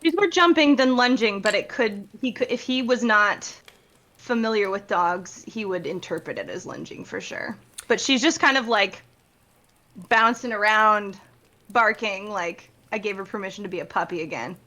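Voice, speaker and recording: Bright-voiced woman playing a tabletop game. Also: medium pitch, lively intonation, moderate pace. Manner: chatty, describing her character's actions. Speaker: player. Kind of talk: casual role-play talk.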